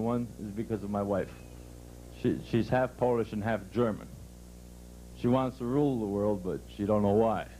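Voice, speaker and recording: A man's voice: mid-range voice, mellow, a little hiss or hum, poor audio. A man doing brash live stand-up comedy, working the crowd with punchy delivery on a resort club stage.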